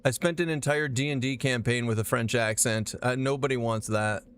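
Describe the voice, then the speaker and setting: A man's voice: mid-range voice, moderate pace, clear, resonant tone. A man streaming a game live, chatting casually with his chat, rambling and swearing as he plays. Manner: profane, animated, rambling.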